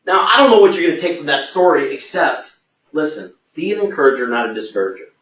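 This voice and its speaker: A man's voice: fairly high pitch, sing-song, fast, fairly bright tone. A man as a sales trainer, telling a workplace anecdote in a training webinar and acting out the quoted dialogue. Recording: echoey, distant, muffled.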